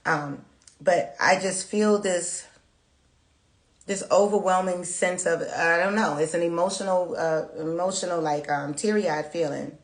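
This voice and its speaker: A woman's voice: lowish voice, measured pace, echoey room. A woman giving a live tarot reading. She answers viewers' chat in an emotional, prayerful, chatty way. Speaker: tarot reader.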